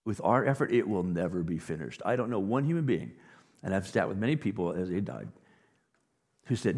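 A man preaching a sermon as pastor, animated, dropping to quiet asides and rising to loud emphasis. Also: low-pitched, a little fast, husky. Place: church sanctuary. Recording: long reverb of a large hall.

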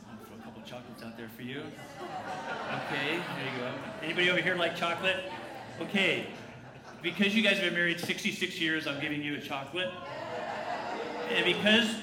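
A man preaching an Easter sermon in a large church, conversational and joking, drawing the congregation into call-and-response. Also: on the high side. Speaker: pastor. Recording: echoey church room with faint noise.

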